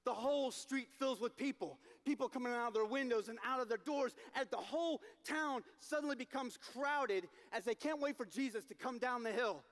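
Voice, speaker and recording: A man telling a story as a dramatic sermon at a youth event, acting it out and shouting at the peaks. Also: very high voice, moderate pace, hardly any pauses. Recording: long hall reverb.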